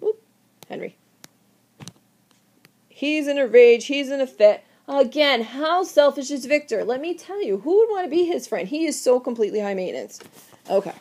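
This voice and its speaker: A woman teacher giving a recorded literature lecture, lively and theatrical, asking the class questions. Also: high voice, moderate pace, long pauses.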